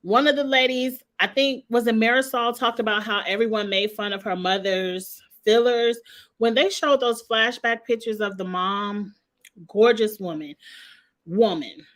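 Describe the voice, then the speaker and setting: A woman's voice: fairly high pitch, unhurried, a bit bright. A woman, hosting a casual reality TV recap and gossiping with sass. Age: 40s. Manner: gossipy, sassy, talks straight to the people she discusses.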